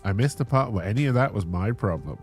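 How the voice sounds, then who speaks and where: A man's voice: on the low side, lively intonation, quick pace, faint music behind. A man voicing a smug male deer bookie with antlers, dry and sarcastic, in a game.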